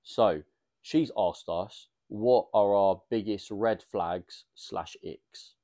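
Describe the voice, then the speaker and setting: A young man, co-hosting a casual podcast, blunt and quick to laugh. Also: lowish voice, mellow. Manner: blunt, laughs often, reads out listener questions. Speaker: podcast co-host. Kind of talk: casual chat.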